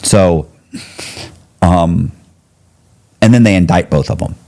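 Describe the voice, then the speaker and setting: A man's voice: sits low, takes it slowly, dark tone. A middle-aged man telling a long story as an interview guest, rambling and slangy, with frequent restarts and swearing.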